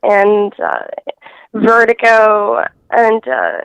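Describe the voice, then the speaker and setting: A woman guest in a casual interview, talking in a halting way with many fillers and restarts over a phone line. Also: mid-range voice, wildly swooping pitch, gravelly, clear, resonant tone, dry recording.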